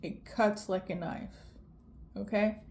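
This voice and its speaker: This tarot reader has a medium-pitched, darkish voice with vocal fry, speaking slowly and with fairly even intonation. Tearful and emotional, she gives an intuitive reading to camera, repeatedly ending lines with "okay?", over slight background noise.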